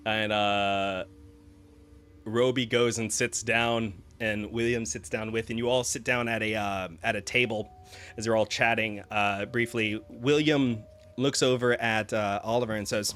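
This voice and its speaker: A man narrating a tabletop game as game master, halting with frequent fillers. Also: on the low side, fairly even intonation, fairly bright tone, smooth. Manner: halting, with many fillers and restarts.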